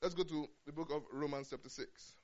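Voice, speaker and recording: A high-pitched man delivers a sermon. He swings between loud, urgent declarations and low, quiet asides. The recording sounds muffled and lo-fi. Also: steady tone, brisk. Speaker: preacher.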